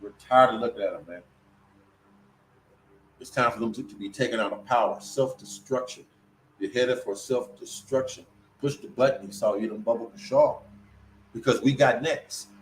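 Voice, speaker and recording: Guy preaching scripture casual, mid voice, gets loud then mumbles low, stretches words out, faint hiss behind. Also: low-quality recording. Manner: emphatic, swings between loud bursts and low mutters; stretches words out slowly for effect. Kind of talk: informal scripture teaching sermon.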